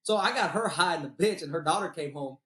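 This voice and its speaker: A man swaps raunchy personal stories in a relaxed, profane chat and keeps laughing at his own punchlines. He talks fast in a slightly raised voice. The room around him rings with echo. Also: a little high. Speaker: podcast host. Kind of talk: casual storytelling chat.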